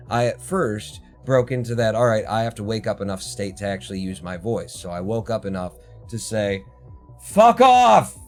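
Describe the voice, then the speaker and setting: A man's voice: lowish voice, darkish tone. A man hosting a livestream, telling a story as a heated, heavily profane rant from home. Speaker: livestream host. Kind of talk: casual ranting story. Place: home, indoors.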